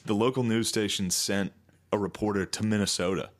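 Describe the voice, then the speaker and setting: Male podcast co-host, lowish voice, dry and relaxed, casual swearing. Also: fairly quick. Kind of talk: casual comedic chat.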